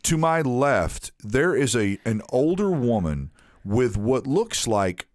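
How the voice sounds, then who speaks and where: A man with a deep voice, hosting a casual podcast and telling an animated story, swearing freely. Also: takes it slowly, no room sound, clean studio sound. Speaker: podcast host.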